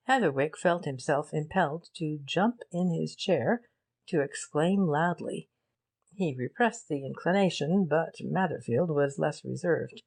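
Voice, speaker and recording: A woman narrates a classic mystery in a calm, even voice. She reads slowly, with a low pitch for a woman. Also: gravelly. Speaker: audiobook narrator. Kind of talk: audiobook narration.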